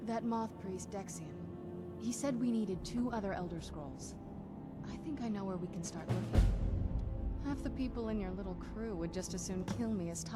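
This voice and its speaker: Casting: a woman doing a wary, sardonic vampire for a game, dry delivery, loud music behind. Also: medium pitch, moderate pace, lightly acted. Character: young-seeming female vampire, wary and sardonic. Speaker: game character.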